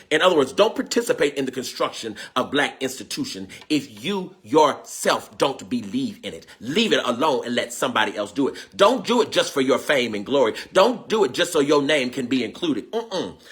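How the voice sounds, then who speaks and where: A man's voice: medium pitch, big pitch swings, normal speed, few pauses, fairly bright tone. A man preaching a livestream sermon, fervent and emotional, repeating phrases, crying out, and calling to viewers by name. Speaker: preacher and teacher hosting a livestream. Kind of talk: call-and-response livestream sermon.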